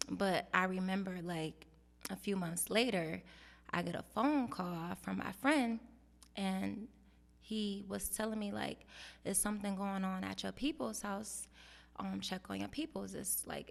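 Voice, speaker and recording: A woman hosting a casual interview, telling a personal story with animated, acted-out quotes. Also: medium pitch, a little slow, creaky, big-room sound. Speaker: host.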